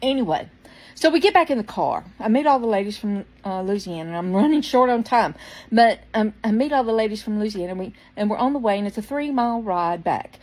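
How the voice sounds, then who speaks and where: A woman's voice: medium pitch, animated, fairly quick, rough recording. A woman casually telling a personal story, rambling with restarts and fillers and now and then coughing from a tickle in her throat. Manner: quotes people in changed voices, dropping to a hush for soft lines. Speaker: storyteller vlogger.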